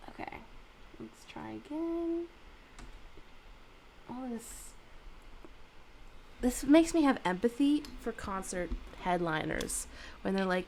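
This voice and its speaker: A woman's voice: on the high side, animated, takes it slowly, long pauses, darkish tone, slight background noise, poor audio. A young woman vlogging alone, talking to herself in a casual, swear-heavy, dramatic way while she fights with her camera setup and sings snatches of songs. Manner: chatty, swears freely, dramatic complaints. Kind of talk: casual solo vlog with singing.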